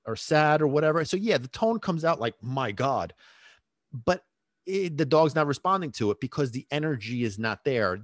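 A man's voice: a little high, dry recording. Dry, rambling male dog-training podcaster. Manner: rambling, chatty, laughs at his own tangents. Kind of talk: casual podcast monologue.

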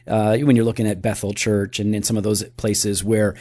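A man's voice: on the low side, level tone, moderate pace, dark tone, no echo. A man co-hosting a casual theology podcast, earnest and a bit teasing, often restarting his sentences. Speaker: podcast co-host.

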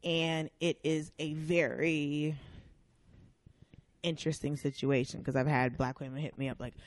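A woman guest on a podcast, chatting casually and acting out the people in her stories in loud, lively voices. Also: sits low, measured pace. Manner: animated storyteller, acts out quotes loudly. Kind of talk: casual chat.

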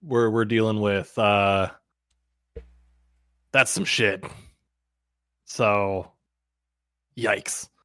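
A man playing his character in a tabletop role-playing game, playful and quick to laugh. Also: fairly low pitch, steady tone, pushed and bright, no echo, studio quality. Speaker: player.

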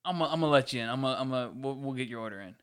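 Man ranting about work, smooth voice. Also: mid-range voice, racing, a bit bright. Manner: ranting, repeats words, acts out quoted customers. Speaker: podcast co-host. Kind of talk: casual chat.

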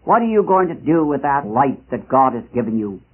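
A man preaching a missionary sermon, impassioned and dramatic, with rising rhetorical questions and slow emphatic pauses. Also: medium pitch, sing-song, husky. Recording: tinny lo-fi archival recording.

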